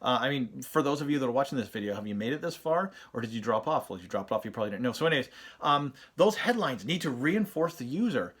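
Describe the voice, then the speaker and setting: A man's voice: mid-range voice, lively intonation, quick pace, a bit bright, slightly rough. A man with young children, hosting a channel and giving casual advice with lots of fillers and restarts. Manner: chatty, storytelling, many fillers and restarts. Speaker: host of an SEO channel. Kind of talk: casual talking-head advice.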